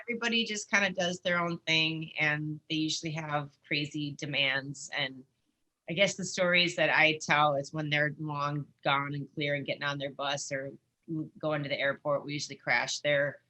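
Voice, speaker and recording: Low-voiced, bright woman. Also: normal speed. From United States. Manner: animated, chatty, lots of "like". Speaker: guest, musician and former wrestling interviewer. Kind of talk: casual interview storytelling.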